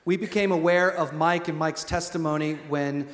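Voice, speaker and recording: A man introducing a guest from the pulpit, pausing on many fillers. His voice sits a little high. The church hall is roomy, with a long echo trailing each phrase. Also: steady tone.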